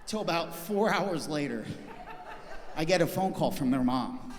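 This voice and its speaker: Animated male stand-up comedian, reverberant venue. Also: fairly high pitch, measured pace. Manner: animated self-deprecating storytelling. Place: stage before a live audience. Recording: long reverb of a live venue.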